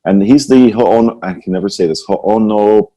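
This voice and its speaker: A low-voiced man hosting a relaxed podcast conversation. His tone is dark and mellow with a husky edge. He thinks out loud in long, wandering stretches, checking in with "right?". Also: moderate pace. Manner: rambling, musing, repeats "right?". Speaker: podcast host. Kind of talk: casual conversational chat.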